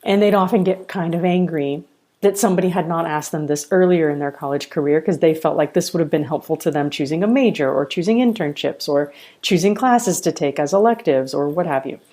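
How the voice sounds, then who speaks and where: A woman's voice: sits low, a little fast. A middle-aged woman, a college founder, telling earnest stories in a podcast interview. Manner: earnest, animated storyteller.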